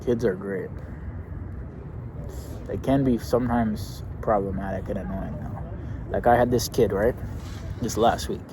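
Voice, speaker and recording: A man's voice: on the low side, steady tone, moderate pace, noisy background. A young man, a youth basketball coach, telling a story in a brash, profane, swaggering way. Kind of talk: casual storytelling rant.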